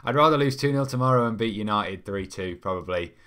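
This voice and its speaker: A man's voice: on the low side, lively intonation, fast talker, fairly bright tone, clear, resonant tone. Rambling young man. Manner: rambling, reads out viewer comments, frequent ums. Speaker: fan channel host. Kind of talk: casual live-stream chat.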